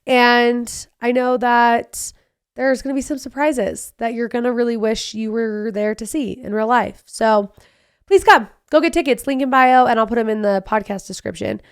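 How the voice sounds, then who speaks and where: A woman in her thirties hosting a casual solo podcast, telling personal stories in a chatty, animated way with quick asides. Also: fairly high pitch, smooth. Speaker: podcast host.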